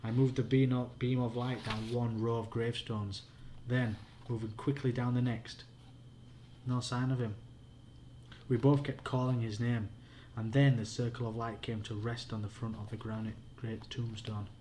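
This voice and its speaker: A father with a Yorkshire accent reads a spooky children's book aloud at bedtime. His voice sits at an ordinary middle pitch, and the reading is plain and unpolished. A faint hiss sits behind him. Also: little pitch movement, moderate pace, warm tone.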